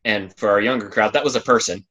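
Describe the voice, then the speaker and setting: Bright-voiced giggly podcast host man. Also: fairly low pitch, quick pace. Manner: playful, giggly storyteller. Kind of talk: casual podcast chat.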